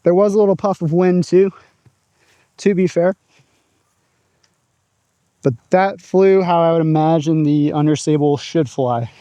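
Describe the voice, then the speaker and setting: Man, casual outdoor vlogger, chatty and upbeat, warm dry voice. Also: a little high, steady tone, measured pace, pauses often, dry recording. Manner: upbeat, chatty, narrating his own throws. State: out of breath at times. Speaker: disc golf vlogger. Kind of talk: casual outdoor vlog commentary. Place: open field outdoors.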